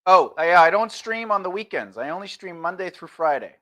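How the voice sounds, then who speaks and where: A man with a fairly high, bright and forceful voice teaches conversation skills on a casual livestream. He talks loosely and chattily, often slipping into quick acted-out example replies. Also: lively intonation.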